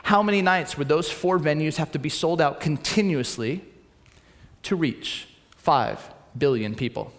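Animated man preaching a story sermon. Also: a little high, measured pace, big-room sound. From Southern California. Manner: animated, acts out the voices in his story, swings from loud to quiet.

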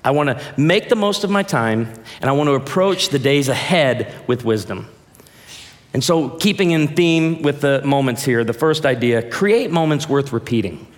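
A man in his forties preaching a sermon as a pastor, telling stories in a lively, joking way. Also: medium pitch, normal speed, long reverb tail. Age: 40s.

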